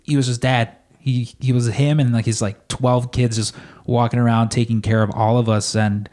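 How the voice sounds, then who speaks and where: A man in relaxed podcast conversation, spinning a long workplace anecdote. He leans heavily on "like" as he talks, and his voice sits at an ordinary middle pitch. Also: normal speed. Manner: rambling storyteller, constant "like" fillers. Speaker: store employee. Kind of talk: casual podcast chat.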